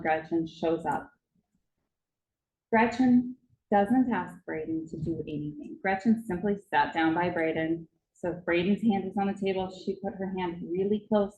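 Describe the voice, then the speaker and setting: A woman's voice: on the low side, dark tone, reverberant, lo-fi sound. A woman speaking at a conference, telling a vivid story about a child and acting out its moments. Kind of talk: storytelling presentation. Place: conference hall.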